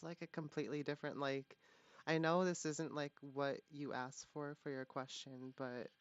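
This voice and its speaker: Low-pitched female tarot reader, halting and filler-heavy, on a dull lo-fi mic. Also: level tone. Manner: halting, full of fillers and restarts. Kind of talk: live tarot reading. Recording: dull lo-fi, dry sound.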